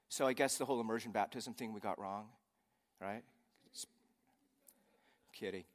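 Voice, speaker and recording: Pastor guy preaching, chatty then loud and punchy, big echoey hall. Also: mid-range voice, moderate pace. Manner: conversational preaching, swings from soft to emphatic. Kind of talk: sermon.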